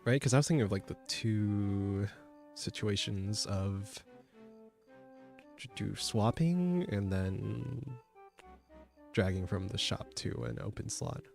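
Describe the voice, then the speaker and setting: A man streaming as a VTuber, chatting casually while he codes, joking at his own expense and sometimes breaking into high squeaky yelps. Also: lively intonation, takes it slowly, vocal fry, long pauses, darkish tone, soft background music. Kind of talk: casual chat while coding.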